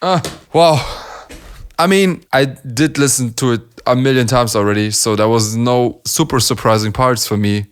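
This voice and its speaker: A man's voice: mid-range voice, moderate pace, hardly any pauses, clean tone. Enthusiastic man. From Germany. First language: German. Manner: enthusiastic, laughs often, demonstrates sounds. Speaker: beatbox reaction host. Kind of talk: casual analysis commentary.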